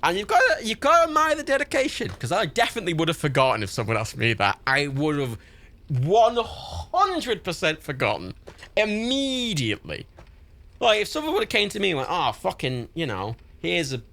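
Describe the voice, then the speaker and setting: A man's voice: high voice, wildly swooping pitch, fairly quick, creaky, bright, forceful tone. A man chatting casually on his gaming livestream, rambling, swearing and laughing often.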